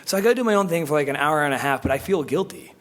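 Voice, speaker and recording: Man, live podcast storyteller, animated and swearing, high-ish voice, faint hiss on a stage mic. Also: racing. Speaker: podcast co-host telling a story. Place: convention theater before a live audience.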